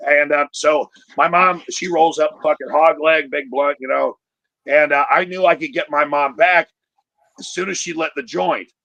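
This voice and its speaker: A man's voice: a little high, moderate pace, gravelly, dry recording, muffled recording. A man telling a profane, punchy stand-up story over a video call. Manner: profane, punchy, animated delivery. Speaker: comedian.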